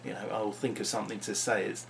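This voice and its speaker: A man's voice: on the low side, level tone, fast, gravelly, slight background noise. A man talking unscripted into his vlog, musing and rambling with frequent restarts. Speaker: vlogger.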